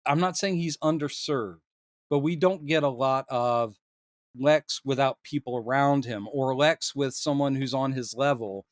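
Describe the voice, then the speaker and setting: A man co-hosting a casual film discussion podcast, animated and quick to act out lines he quotes, laughing often. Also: mid-range voice, no room sound, clean studio sound. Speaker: podcast co-host.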